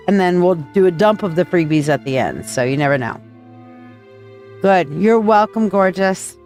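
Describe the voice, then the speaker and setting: A woman in her forties from the United States, a psychic reader chatting loosely with viewers on a live stream and swearing freely. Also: medium pitch. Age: 40s. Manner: chatty, swearing, reading chat aloud.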